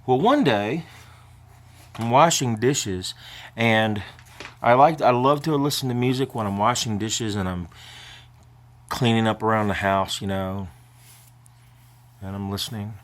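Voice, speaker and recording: A man's voice: on the low side, unhurried, pauses often. An older man vlogging in a casual, rambling way, emotional and prone to choking up as he talks.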